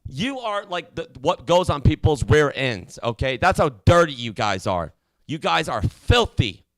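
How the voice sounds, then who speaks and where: A man's voice: a little high, big pitch swings, a little slow, dry recording. A man hosting a mock call-in show, ranting in an indignant, preachy way and stammering often. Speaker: comedy call-in show host.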